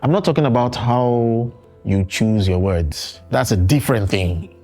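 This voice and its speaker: A man from Nigeria on a discussion panel, telling an animated anecdote in casual chat. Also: measured pace, soft background music. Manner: animated, jumps high when quoting.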